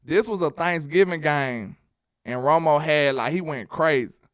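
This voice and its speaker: A man's voice: on the high side, measured pace, no room sound, clean studio sound. Man hyping sports on a live stream. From Alabama. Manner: animated, joking, sing-song hype. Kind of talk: live-stream sports chat reading super chats.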